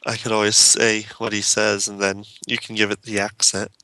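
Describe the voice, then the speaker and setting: A man's voice: fairly low pitch, completely flat delivery, normal speed, sharp tone, smooth, no echo. A man running a tabletop game as game master, describing scenes and questioning players.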